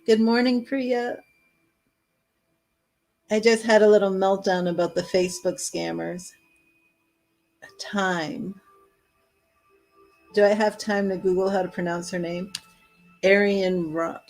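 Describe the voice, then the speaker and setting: A woman's voice: medium pitch, fairly even intonation, slow pace, pauses often, a little mellow, rough recording. A woman hosting a live-streamed tarot reading, chatting casually, laughing often and reading card messages aloud. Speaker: tarot reader.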